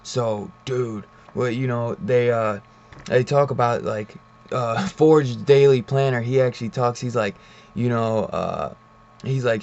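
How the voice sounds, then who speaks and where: A man's voice: medium pitch, measured pace, a little mellow. A man in a casual, profane comic book review rant, leaning on "like", "man" and "dude" as he retells scenes. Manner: loose and profane, heavy use of "like", "man" and "dude"; retells scenes in a loose storytelling way. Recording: slightly dull, muffled audio.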